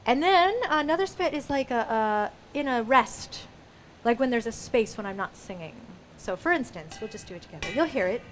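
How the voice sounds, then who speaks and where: A woman's voice: a little high, animated, normal speed, a little hiss or hum. A woman performer explaining audience call-outs at a live show in a museum, playful and chatty, laughing often. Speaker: solo musical performer.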